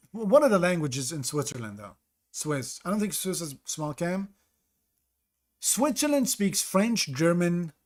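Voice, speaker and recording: Brief: male streamer, slightly higher voice, casual running commentary, stops to greet chat by name. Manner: thinks aloud, greets chat mid-sentence.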